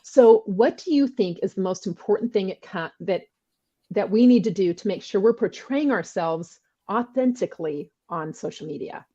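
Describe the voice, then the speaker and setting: A woman hosting a podcast, introducing her guest and then chatting in a friendly, informal way. Her voice sits at a middle pitch. The recording sounds a little dull and muffled. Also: animated, moderate pace, mellow. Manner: friendly, informal, talks in loose restarts. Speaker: podcast host. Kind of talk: guest introduction and casual chat.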